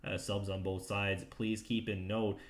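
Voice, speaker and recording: A man giving steady play-by-play commentary on an esports match. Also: fairly low pitch, measured pace, a loud crowd. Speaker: esports caster.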